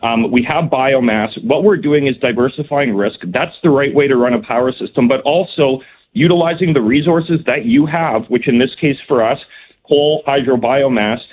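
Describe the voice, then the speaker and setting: A man's voice: medium pitch, moderate pace, slight background noise. A man, a provincial cabinet minister answering radio interview questions in an earnest, emphatic way, full of "um" and restarts. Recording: phone-line call-in audio.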